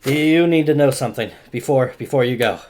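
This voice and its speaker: A man voicing an overexerted male mage who speaks hoarsely, curt and sardonic. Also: mid-range voice, a little fast, a little mellow, slight background noise, lightly acted. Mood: urgent, curt.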